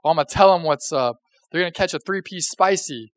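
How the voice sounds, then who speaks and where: A man's voice: on the high side, fast, a bit bright, no echo. Casual young male preacher, dry sound. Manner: conversational, joking, asks the audience questions. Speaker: pastor. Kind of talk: casual sermon.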